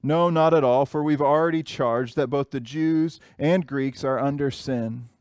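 A man's voice: medium pitch, measured pace, a little mellow, clear, resonant tone, dry recording. A man in his thirties preaching a sermon, earnest and repeating phrases for emphasis. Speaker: pastor.

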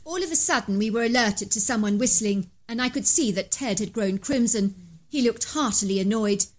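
A woman narrating a scripted first-person bedtime story, slowing down and rising in pitch at tense moments.

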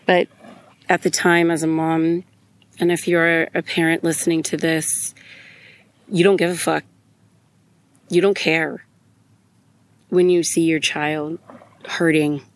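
Podcast host, young adult woman, candid and emotional, swears a lot, unhurried delivery. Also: sits low, flat delivery. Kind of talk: personal storytelling monologue.

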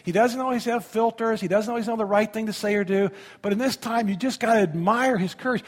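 A man pastor gives a chatty sermon, often turning to the congregation with questions. His voice is slightly high and a bit husky. A long reverb hangs around every phrase. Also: fast talker. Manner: conversational, asks the audience questions.

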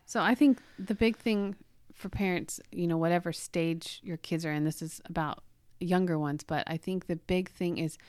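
A woman's voice: steady tone, moderate pace, few pauses, darkish tone, clear, resonant tone, no room sound. Brief: woman in her forties, podcast co-host, heartfelt storyteller, very dry close sound. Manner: emotional storyteller, voice rising high when quoting. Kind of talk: casual chat, storytelling.

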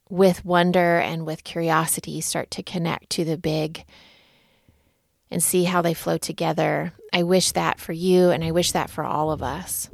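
Slow, gravelly-voiced reflective woman. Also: fairly low pitch, no echo, clean studio sound. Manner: gentle, unhurried storytelling. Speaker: podcast host. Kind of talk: reflective spoken talk.

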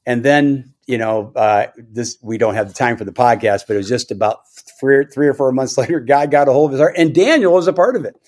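A man's voice: medium pitch, fairly quick, a little mellow. A middle-aged man speaks on a podcast as a church elder. His delivery is earnest and emphatic, and he often circles back and repeats phrases as he tells the story. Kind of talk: podcast conversation, personal story.

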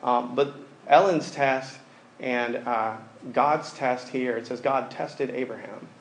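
A man's voice: mid-range voice, slow pace. Conversational man preaching to a group. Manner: conversational preaching with fillers, reads scripture aloud. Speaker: pastor. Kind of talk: sermon.

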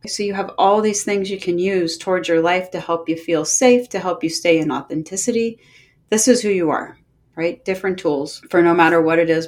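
A middle-aged woman hosting a podcast, speaking slowly and gently with heartfelt encouragement and many pauses. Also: lowish voice. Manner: gentle, slow and unhurried with pauses. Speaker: podcast host and movement coach. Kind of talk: reflective podcast monologue.

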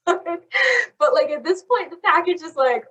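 A young woman casually telling a long story on a chat podcast, animated and saying "like" constantly. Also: extremely high pitch, unhurried. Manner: animated, fills talk with "like". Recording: voice a bit far from the mic.

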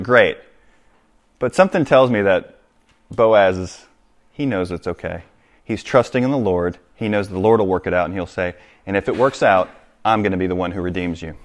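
A pastor with a voice on the low side preaches to his congregation. He reads scripture aloud and explains it, appealing directly to his listeners.

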